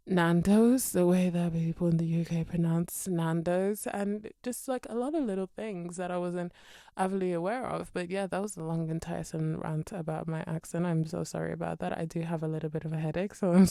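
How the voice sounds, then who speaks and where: A woman's voice: lowish voice, warm tone, no room sound, clean studio sound. A young British woman from Birmingham chatting casually over a game build, rambling and apologetic, into a desk microphone at home. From Birmingham, England.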